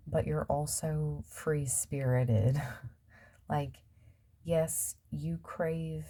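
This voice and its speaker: A woman doing a casual tarot reading in a low, husky, mellow voice, talking slowly. She muses aloud and trails off with fillers as she lays out the cards. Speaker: tarot reader.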